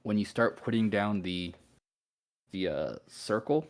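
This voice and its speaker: A man narrating a tabletop game as game master in an unhurried, easygoing way with fillers. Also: on the low side.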